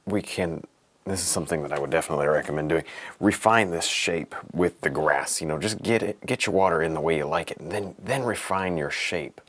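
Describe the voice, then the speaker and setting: Brief: male painting teacher, very low gravelly voice, easygoing and encouraging, chuckles between steps. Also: a bit bright. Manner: chatty, encouraging, chuckles often, talks while working. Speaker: painting instructor. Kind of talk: relaxed painting tutorial.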